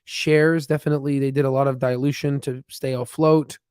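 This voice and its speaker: Casting note: male stock-stream host, middle pitch, loose and rambling, dry close sound. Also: little pitch movement, a little fast, a little mellow, smooth, no room sound. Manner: rambling, filler-heavy, thinks aloud with restarts. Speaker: stock market livestream host. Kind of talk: casual live chat while reading charts.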